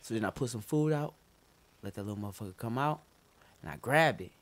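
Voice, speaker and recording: A man's voice: medium pitch, expressive, fairly quick. A man in casual chat, telling stories in a laid-back way and laughing often.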